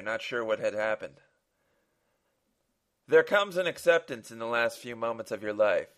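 Earnestly and dramatically, a man who hosts a podcast reads his own short story, restarting a few times in small ways. He speaks in a lowish voice with a fairly bright tone.

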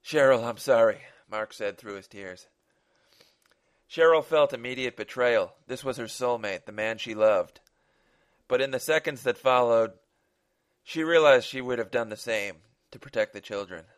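A man's voice: medium pitch, moderate pace. A man who hosts a podcast reads his own short story aloud, in an earnest, dramatic manner with a few small restarts.

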